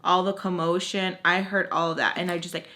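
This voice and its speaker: Bright, animated young woman telling a story. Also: on the low side, a little fast. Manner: animated, heavy use of "like", acts out quotes. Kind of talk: casual storytime chat.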